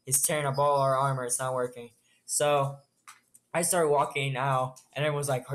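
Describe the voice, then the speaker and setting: A man's voice: medium pitch, little pitch movement, normal speed, a bit bright. Casual, sarcastic young-sounding man. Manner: casual, swearing, sarcastic asides. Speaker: storyteller. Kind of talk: improvised collaborative story.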